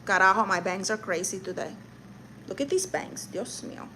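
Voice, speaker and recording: A woman's voice: medium pitch, animated, normal speed, bright, forceful tone, a little hiss or hum. A woman live streaming comedy who rants and roasts her viewers in a brash, sassy, mock-insulting way, with Spanish exclamations thrown in.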